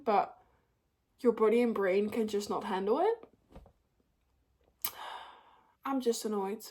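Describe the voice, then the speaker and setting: A woman's voice: fairly high pitch, slightly rough. A young woman talking openly to the camera at home in a casual vlog, tired and a little tearful, with many fillers. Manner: open and emotional, many fillers. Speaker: vlogger.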